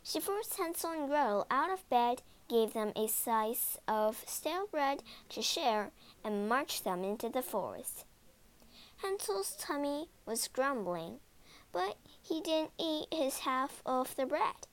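Animated woman reading a storybook. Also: high-pitched, takes it slowly. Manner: animated, dramatic. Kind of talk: expressive storybook read-aloud.

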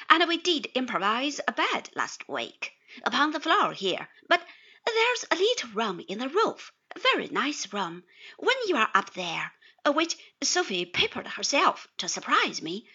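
A woman's voice: high voice, bright, forceful tone, breathy edge, exaggerated voice. A woman voicing an earnest, chatty young married man who drops into confidential tones, on slightly dull audio. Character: cheerful young man, newly married lawyer.

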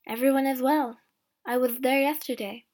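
A woman voicing a gentle, quiet male churchman in an audiobook story. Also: high voice, steady tone, moderate pace, close to an everyday voice. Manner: soft and quiet.

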